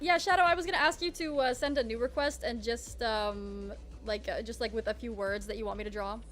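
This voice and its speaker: Woman streamer, high voice, casual rambling chat with restarts, soft music underneath. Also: fairly even intonation, a little fast. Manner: chatty, self-mocking, trailing restarts. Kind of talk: casual live-stream chat while drawing.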